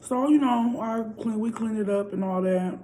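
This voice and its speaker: A woman's voice: on the high side, moderate pace, mellow, a little hiss or hum, low-quality recording. A woman vlogger telling a story in a casual, chatty way, often calling out to her viewers directly. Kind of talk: casual storytime while eating.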